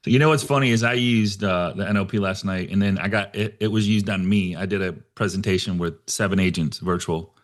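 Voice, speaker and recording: Laid-back low-voiced host man. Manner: laid-back, says bro and man a lot, halting. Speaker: podcast host. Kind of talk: casual video call chat.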